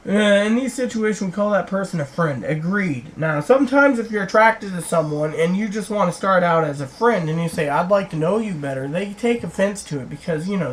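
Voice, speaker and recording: A woman's voice: low voice, poor audio. Rambling middle-aged woman vlogger. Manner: rambling, retells conversations and acts out other people's lines. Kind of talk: rambling monologue replying to comments. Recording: faint background hiss.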